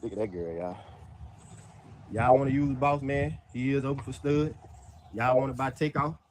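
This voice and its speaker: A man, casually pitching his dogs for sale to viewers outdoors in his yard, peppering his talk with "y'all". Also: normal speed, darkish tone, slight background noise. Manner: drawls "y'all" constantly, Southern US dialect. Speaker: dog breeder selling dogs.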